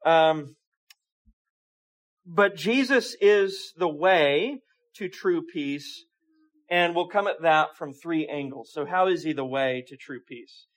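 Casting: male preacher, slightly high voice, talky sermon style, rhetorical questions. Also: slow. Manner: conversational preaching with rhetorical questions and repeated words.

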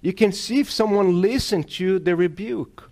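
A man's voice: high-pitched, normal speed, a little mellow. A male pastor delivering a sermon, preaching emphatically and calling on the congregation for amens.

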